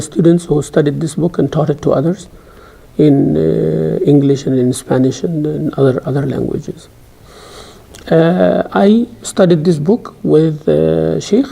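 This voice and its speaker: Middle-aged lecturer, dark gravelly voice, emphatic classroom delivery. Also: male voice, a little high. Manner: emphatic, rising sharply when stressing points; recites scripture in rapid chant. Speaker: Islamic studies teacher.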